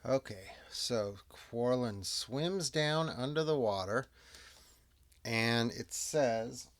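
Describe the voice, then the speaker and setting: Here a man with a medium-pitched voice and drawn-out words plays a tabletop game on his own. He thinks out loud in a casual narration, now and then dropping into muttered whispers under his breath.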